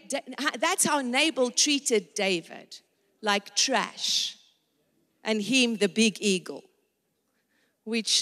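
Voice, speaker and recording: A woman's voice: on the high side, a bit bright, big-room sound. A woman preacher giving a dramatic sermon, acting out the lines of the people in the story and talking straight to the women listening. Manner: dramatic, acts out the characters' lines; talks directly to women in the audience.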